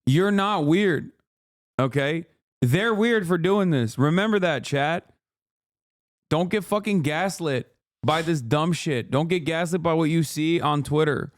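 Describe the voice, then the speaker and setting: A man's voice: a little high, measured pace, no room sound, studio quality. A man streaming live, reacting to the news in a profane, exasperated rant to his chat.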